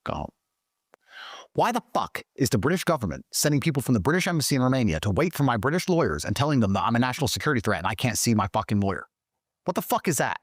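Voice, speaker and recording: A man telling a story as an interview guest, swearing constantly and talking with animated, emphatic energy, his voice jumping higher when he gets excited. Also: no room sound, clean studio sound. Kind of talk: profane storytelling in conversation.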